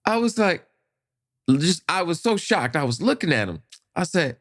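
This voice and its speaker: A man spins a story in loose, casual talk. His pitch leaps and dips all over as he acts out the voices and the noises. He keeps it lively from line to line. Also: normal speed. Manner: animated, acts out voices and sound effects. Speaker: podcast guest.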